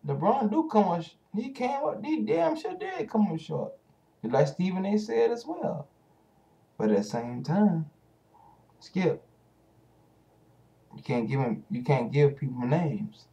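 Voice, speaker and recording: A man's voice: high voice, big pitch swings, takes it slowly, gravelly, pauses often, dark tone. Heated, profane man ranting to camera. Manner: heated, profane, speaks straight at the hosts. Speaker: vlogger. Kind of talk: casual ranting commentary.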